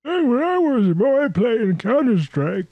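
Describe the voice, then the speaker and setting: A man voicing a boastful old-timer reminiscing in a slow, drawn-out grandpa voice. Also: extremely high pitch, big pitch swings, no echo, narrow, tinny audio, voice pushed up, full character voice.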